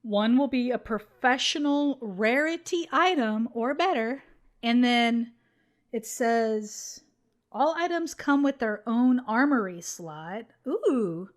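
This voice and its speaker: A young woman co-hosting a casual gaming podcast, chatty and quick to laugh. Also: a little high, animated. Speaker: podcast co-host.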